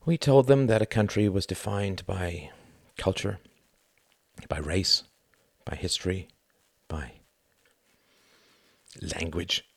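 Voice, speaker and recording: A sorrowful ambassador speaks quietly and gravely, as a man reading the book puts him on. His voice is very deep and gravelly, and the sound is dry and close. The pace is measured and reflective. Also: no room sound, full character voice. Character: older male British ambassador, sorrowful, reflective.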